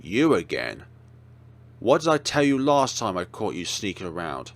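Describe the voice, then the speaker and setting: A man doing a gruff, scolding security guard. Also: deep voice, very animated, normal speed. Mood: angry. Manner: yelling, scolding. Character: gruff angry adult male security guard.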